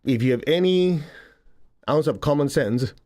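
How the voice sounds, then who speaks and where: A man's voice: on the high side, expressive, a little slow, dark tone. A man giving a casual spiritual talk to an audience, conversational, laughing often and acting out quotes. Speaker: spiritual teacher.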